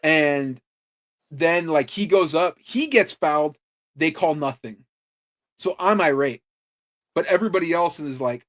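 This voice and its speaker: Dude rambling on a podcast, says like constantly, swears, a bit high pitched. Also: male voice, normal speed. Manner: animated storytelling, swears freely, lots of "like" fillers. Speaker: podcast host. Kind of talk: casual chat.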